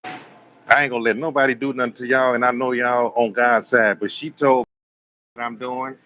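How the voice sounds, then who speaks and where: A man's voice: medium pitch, level tone, moderate pace, lo-fi sound, faint music behind. A man, preaching bluntly and swearing on a live stream, acting out both sides of arguments. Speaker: live-stream host and self-styled prophet.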